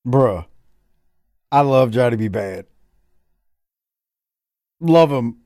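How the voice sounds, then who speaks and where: Animated Southern man hosting a podcast. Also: medium pitch, drawn-out words, no room sound, studio quality. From Deep South, US. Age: middle-aged. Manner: animated, laughing, repeats words. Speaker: podcast host. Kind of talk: casual wrestling review chat.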